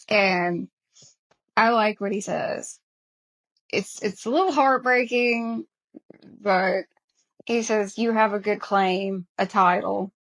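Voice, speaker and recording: A woman's voice: medium pitch, a bit bright, rough recording. A woman with a Southern American accent co-hosting a casual podcast chat, getting emotional as she quotes favorite lines. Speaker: podcast co-host.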